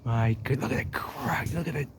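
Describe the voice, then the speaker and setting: Excitable man exploring outdoors. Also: medium pitch, normal speed. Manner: excitable, exclamatory, talks to the camera as he walks. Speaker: urban explorer vlogger. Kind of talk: handheld walking commentary. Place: outdoors in an old drained canal. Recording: noisy outdoor ambience.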